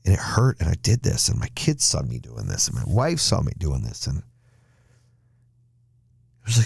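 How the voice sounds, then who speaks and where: A man's voice: medium pitch, sing-song, brisk, vocal fry, pauses often, a little mellow, husky, no echo, clean studio sound. A man hosting a motivational podcast, talking bluntly and emphatically in a monologue and swearing now and then. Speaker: podcast host.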